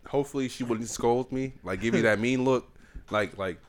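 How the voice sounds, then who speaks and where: A man's voice: mid-range voice, normal speed, a little hiss or hum. A man co-hosting a casual podcast, joking and cutting in with teasing remarks. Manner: joking, interjects and teases. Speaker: podcast co-host. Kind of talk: casual banter.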